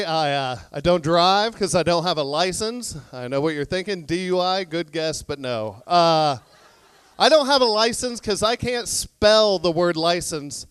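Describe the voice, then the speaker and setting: Man, stand-up comic, deadpan, slightly high voice, smooth and clear, close dry mic. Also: moderate pace, dry recording. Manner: deadpan storytelling, acting out both sides of conversations. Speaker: stand-up comedian. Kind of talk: stand-up comedy set. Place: comedy club stage.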